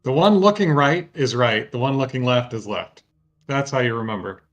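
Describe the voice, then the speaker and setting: A man playing a polite twin who speaks for a pair in a measured way. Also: medium pitch, expressive, natural voice.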